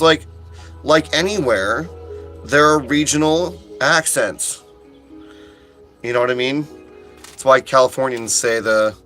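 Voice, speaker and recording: A man, an audiobook narrator, chatting casually with viewers on a livestream, excitable and quick to burst into exclamations, with frequent restarts. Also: mid-range voice. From United States. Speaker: audiobook narrator live-streaming. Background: faint chill music he put on.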